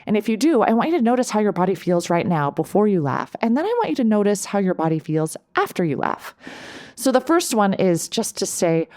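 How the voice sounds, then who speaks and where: A woman's voice: mid-range voice, big pitch swings, brisk, a little mellow, no echo, studio quality. A middle-aged woman and life coach hosting a solo podcast, upbeat, laughing easily, often checking in with "right?".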